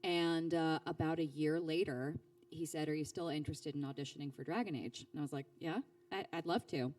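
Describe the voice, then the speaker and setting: A woman's voice: fairly quick, distant mic. A woman in her thirties, a voice actor, telling stories in a casual interview, full of fillers and restarts and acting out quoted lines. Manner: animated, acts out quoted speech with big pitch jumps; chatty with frequent fillers and restarts. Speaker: voice actor guest.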